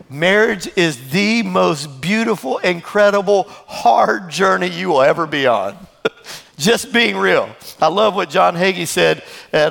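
A man, the pastor, preaching a sermon in an animated way, laughing and breaking into asides. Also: a little high, vocal fry, long reverb tail.

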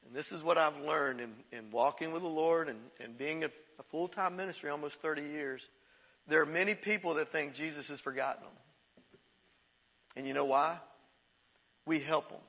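A man's voice: fairly high pitch, moderate pace, a bit bright, poor audio. A middle-aged male pastor preaching a sermon in a conversational way, chuckling and repeating himself. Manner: conversational preaching with laughs and repetitions.

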